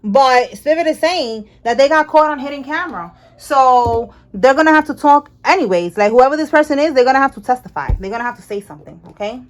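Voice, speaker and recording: A woman giving a casual tarot reading in a slightly high voice. She talks in an animated way, speaks to the cards and to Spirit, and repeats her points. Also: brisk, few pauses. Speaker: tarot reader.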